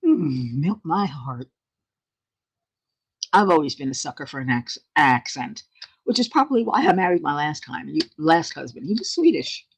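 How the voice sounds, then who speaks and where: A woman chats on her own channel in a slow, low-pitched voice with a breathy huskiness. Her pitch swings widely, and she laughs often, keeping the talk playful and relaxed. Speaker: channel host. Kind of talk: casual chat to viewers.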